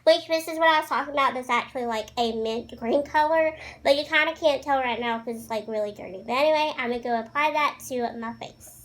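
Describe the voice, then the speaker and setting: A woman's voice: high voice, fairly quick, few pauses. A young woman chatting casually through a makeup tutorial, bubbly and gushing, with lots of fillers. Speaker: beauty vlogger.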